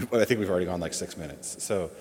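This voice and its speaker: A man's voice: low-pitched, quick pace, darkish tone. A man reading a gospel passage and then giving a homily in an earnest, reflective manner. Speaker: preacher. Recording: long hall reverb.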